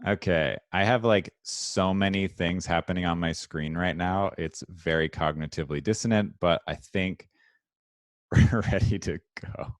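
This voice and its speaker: A man with a lowish voice hosts a casual livestream chat over a video call. His sound is dry and close, with no room around it. He talks in upbeat, scattered bursts and keeps interrupting himself. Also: unhurried, dry recording. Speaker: host.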